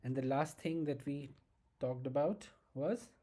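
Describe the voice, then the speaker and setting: A law lecturer with an Indian English accent giving a slow, emphatic exam-prep lesson, repeating key points and checking in with "okay?". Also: medium pitch, mellow.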